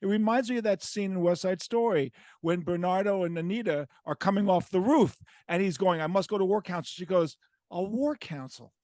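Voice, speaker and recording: Dry-sounding host asking eager questions. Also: male voice, high voice, brisk, few pauses, darkish tone, dry recording. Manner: enthusiastic interviewer asking direct questions. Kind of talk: casual interview conversation.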